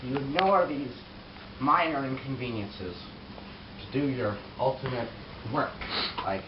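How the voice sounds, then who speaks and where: A man's voice: medium pitch, measured pace, highs cut off, background noise, close to an everyday voice. A man playing a boastful, crude pro scooter rider in a mock interview comedy sketch, rambling and bragging.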